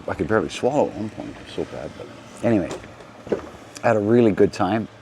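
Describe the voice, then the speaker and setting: A man's voice: deep voice, darkish tone, a little hiss or hum. A middle-aged man hosting a casual rambling monologue, telling anecdotes with frequent restarts and asides. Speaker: host.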